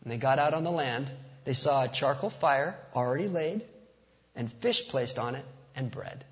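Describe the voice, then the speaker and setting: A man's voice: mid-range voice, animated, moderate pace. A man preaching a sermon as pastor, casual and conversational, slipping in jokes. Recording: long reverb of a large hall.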